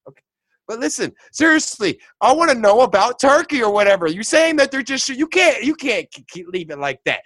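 Man, high lively voice, heated profane debater who keeps interrupting, bright and dry. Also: no room sound. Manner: loud, profane, interrupting, rapid-fire questions.

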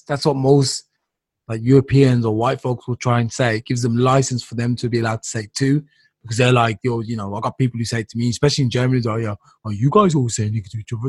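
A man's voice: mid-range voice, quick pace, slightly rough, dry recording. A man in casual discussion who tells stories and acts out what others said. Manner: animated storyteller, acts out quotes.

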